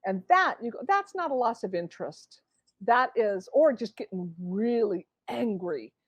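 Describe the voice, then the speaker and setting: A woman's voice: a little high, measured pace, husky, no room sound. A woman author as a guest in a conversational interview, acting out inner voices as she explains. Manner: animated, acts out inner voices.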